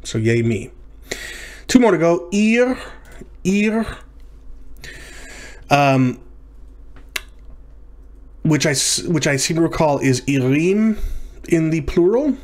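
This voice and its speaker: A man's voice: fairly high pitch, big pitch swings, slow, pauses often, darkish tone. A man teaching from his computer, thinking aloud as he works through exercises, correcting himself and sounding out words. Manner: thinking aloud, self-correcting, frequent fillers. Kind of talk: screen-recorded lecture practice.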